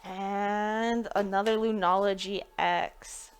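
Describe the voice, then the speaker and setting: A woman's voice: medium pitch, fairly even intonation, takes it slowly, slight background noise. A woman chatting casually on a live stream while opening card packs, thinking aloud and laughing between remarks. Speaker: live-stream pack opener.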